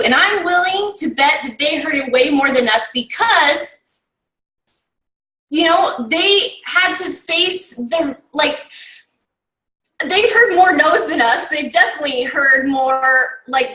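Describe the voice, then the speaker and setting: A woman coach recaps a summit for her team in a motivational talk, firing off rhetorical questions and leaning heavily on "like" and "okay?" to rally them. Her voice is high-pitched, animated, a little slow, and sharp in tone, captured in a roomy recording far from the mic.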